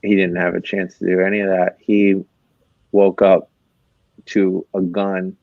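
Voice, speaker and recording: A man in relaxed casual chat, reacting and asking questions. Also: deep voice, unhurried, gravelly, no echo. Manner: laid-back reactions and questions. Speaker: podcast co-host. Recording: dry, dull lo-fi sound.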